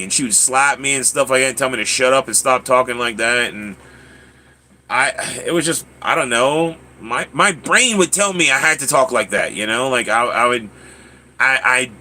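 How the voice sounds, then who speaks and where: This man hosts a livestream in a medium-pitched, sharp-toned voice, casually reading and responding to viewer comments. Stammering and word repetition come up frequently.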